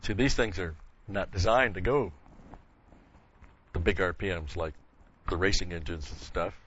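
A man's voice: low-pitched, moderate pace, fairly bright tone, a little hiss or hum. An older man teaching a Bible study lecture, explaining word meanings and wandering into folksy stories with chuckles. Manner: folksy, digressive storytelling with chuckles. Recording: muffled lo-fi recording.

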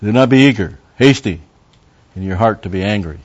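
A man's voice: low-pitched, a little fast, darkish tone, slightly rough, dull audio. A man preaching a verse-by-verse sermon as a Bible teacher, talking conversationally, stopping for Hebrew word study and making wry asides to the congregation.

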